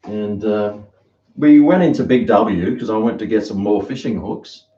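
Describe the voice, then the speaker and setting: A man's voice: lowish voice, normal speed, warm tone. An Australian man chatting casually to his live-stream viewers in a rambling, storytelling way, at home in his kitchen. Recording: roomy, dull lo-fi sound.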